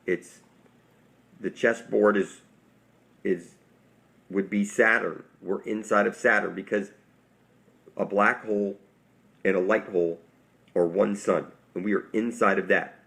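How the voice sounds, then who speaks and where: A man's voice: fairly low pitch, steady tone, unhurried, creaky, pauses often, fairly bright tone. A man giving a rambling, intense, preachy monologue to his viewers, swearing often and calling them "people". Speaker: online conspiracy speaker.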